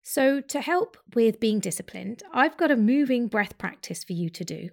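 Gentle woman guiding a breathing practice. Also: fairly high pitch, expressive, vocal fry. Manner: slow, gentle guiding instructions. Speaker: yoga teacher. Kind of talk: guided breathing meditation.

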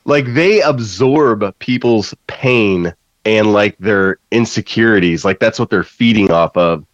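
A man's voice: lowish voice, a little slow, no echo. A man in casual chat, blunt and swearing casually. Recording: dull, dry sound.

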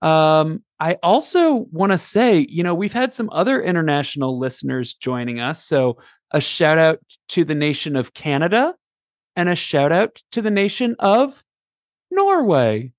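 A man's voice: fairly high pitch, animated, moderate pace, no echo, studio quality. A man hosting a casual podcast, playful and rambling, with many fillers. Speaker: podcast host. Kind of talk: casual chat.

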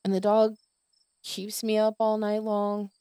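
A worn-out woman vents on her podcast, swearing as she rants in exasperation. Her voice is mellow and warm, and the recording is dry and close, with crickets and insects chirping faintly behind her. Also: mid-range voice, monotone, measured pace, clear, resonant tone, no room sound. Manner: exasperated, swearing, tired ranting. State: exhausted. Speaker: podcast host. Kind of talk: venting monologue.

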